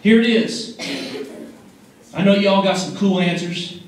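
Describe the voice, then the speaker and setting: A man preaching an energetic youth sermon, joking and leading call-and-response with a crowd in a large hall. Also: sits high, a little slow. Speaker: youth pastor. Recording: echoey hall from far off.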